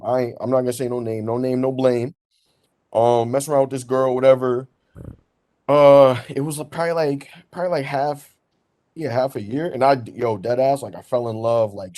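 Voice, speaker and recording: Young New man, podcast host, animated storyteller, plenty of slang. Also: mid-range voice, brisk. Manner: animated, slangy, laughs through his story. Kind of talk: casual storytelling chat.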